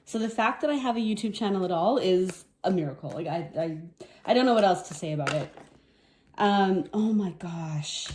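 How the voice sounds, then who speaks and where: Soft, dark-toned woman reading tarot. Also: medium pitch, lively intonation, moderate pace, slight background noise. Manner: soft-spoken, emotional, reflective, with sniffles and laughs. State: teary, sniffling. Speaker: tarot reader. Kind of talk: casual tarot reading to camera.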